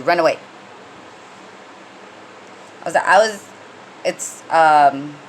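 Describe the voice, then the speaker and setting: A woman's voice: low-pitched, slight background noise, poor audio. A woman giving a casual tarot reading, rambling and conversational with many fillers and restarts, and blunt when she gets heated. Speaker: tarot reader.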